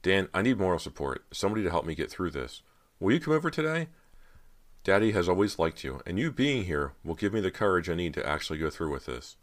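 A man with a very deep voice reading the lines of a frightened teenage girl as she confesses, lifting his voice higher in pleading and tremulous bursts. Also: expressive, fast, hardly any pauses.

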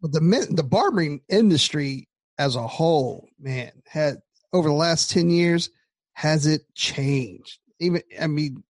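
A man with a slightly high voice hosts a casual talk. He asks his questions haltingly and restarts himself often. The sound is close and dry. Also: dry recording.

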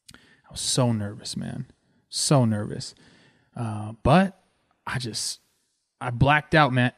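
A man in his thirties from Southern California, a former pro ballplayer telling a story with excitement as he talks over game footage. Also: medium pitch, no room sound, clean studio sound. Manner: excited and animated, says "man" a lot. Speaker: former pro baseball player hosting a video series.

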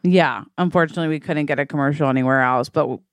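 A woman's voice: low-pitched, fast talker, dry recording. A woman co-hosting a podcast, reacting to and joining a made-up comedic story. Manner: playful, reacts and joins the improvised story. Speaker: podcast co-host. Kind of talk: casual comedic chat.

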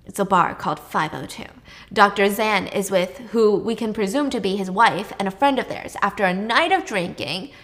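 A woman casually retelling a drama's plot, chatty and lively, raising her voice when she acts out the characters' lines. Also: moderate pace. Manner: chatty, acts out dialogue with raised pitch. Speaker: drama recap narrator. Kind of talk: casual storytelling recap.

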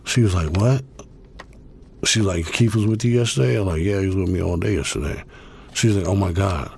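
A man's voice: low voice, normal speed, a little mellow, slight background noise. A man guest telling a long story in a laid-back, profane way, full of fillers. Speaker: interview guest. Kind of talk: casual storytelling.

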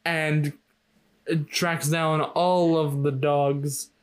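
Rambling, fairly high-voiced man. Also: level tone, drawn-out words. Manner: rambling storytelling with restarts. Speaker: podcast co-host. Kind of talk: casual chat.

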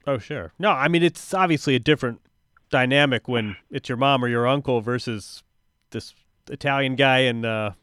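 A man's voice: mid-range voice, normal speed, a bit bright, clean tone, no echo, clean studio sound. A man interviewing a guest about tennis, talking conversationally with frequent restarts. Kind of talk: sports interview.

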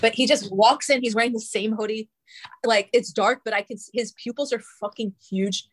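A woman's voice: fairly high pitch, fairly even intonation, normal speed. A young adult woman telling a long story in casual, rambling talk, swearing often and filling her speech with "like". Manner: profane, filler-heavy, rambling.

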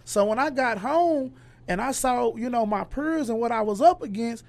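A man with a notably high voice talks in a loose, conversational way. He is a guest on the show, and he tells his stories with lots of energy, slipping into other people's voices as he goes. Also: moderate pace, creaky. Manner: animated storyteller who acts out others' lines. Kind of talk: casual conversation, storytelling.

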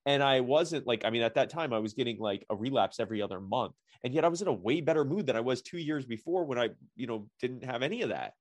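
A man's voice: medium pitch, expressive, quick pace, few pauses, dry recording. A man talking in a casual podcast conversation, rambling with lots of fillers and restarts. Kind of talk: casual chat.

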